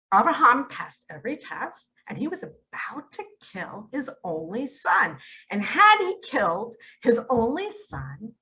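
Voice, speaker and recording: A woman speaking as a spiritual teacher in a religious monologue, emphatic, with sudden loud and hushed turns. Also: on the high side, poor audio.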